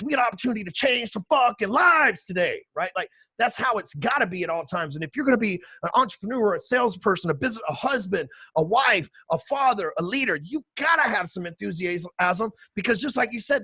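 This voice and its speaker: A man, talking emphatically and with high energy as a podcast guest, swearing casually. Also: pushed and bright, slightly rough, no room sound. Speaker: podcast guest, sales trainer. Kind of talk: energetic interview talk.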